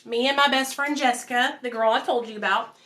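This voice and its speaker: Chatty bright-voiced woman telling her story. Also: fairly high pitch, steady tone, brisk. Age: 30s. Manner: chatty, addresses viewers as y'all and you guys. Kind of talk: casual storytelling to viewers.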